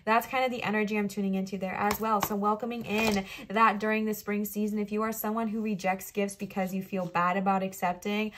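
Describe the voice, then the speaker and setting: A woman giving a pick-a-card tarot reading, talking fast in an upbeat, gushing way and passing on affirming messages from Spirit. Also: medium pitch, steady tone, a bit bright. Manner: affirming, uplifting, channeling Spirit. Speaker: tarot reader.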